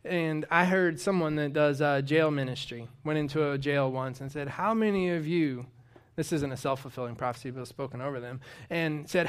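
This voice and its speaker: A man's voice: a little high, a little fast, smooth. Man preaching a casual, story-driven sermon. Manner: conversational, storytelling, rising with emphasis.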